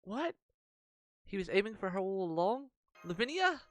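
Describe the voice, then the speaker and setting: A man streaming a mobile game live, reading out the story and reacting excitedly as he plans his team. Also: high voice, normal speed, dry recording. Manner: excitable, reacts loudly, talks through strategy.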